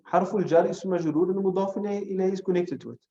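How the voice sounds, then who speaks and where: A man teaches grammar in a classroom, walking his students through each point and putting questions to them. His voice sits a little high and sounds warm and mellow. The recording is dull and lo-fi, with a roomy echo. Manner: explains step by step, quizzing students with questions; recites short Arabic phrases quickly. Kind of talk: classroom lesson. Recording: echoey room, dull lo-fi sound.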